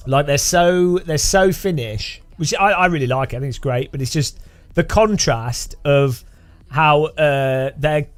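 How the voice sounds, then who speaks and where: A man's voice: on the high side, a little slow, clean tone. A man chatting casually on a gaming stream, laughing and grumbling at the game. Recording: light music behind.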